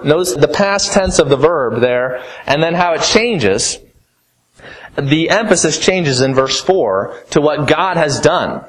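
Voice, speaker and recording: A man preaching a sermon, emphatic, rising to fervent peaks and dropping to low, grave tones. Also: rough recording.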